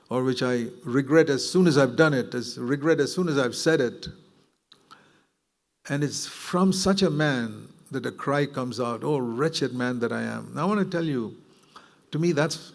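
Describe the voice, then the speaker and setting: Man, preacher, sermon, gravelly, earnest, conversational. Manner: earnest, conversational preaching that rises in pitch when emphatic.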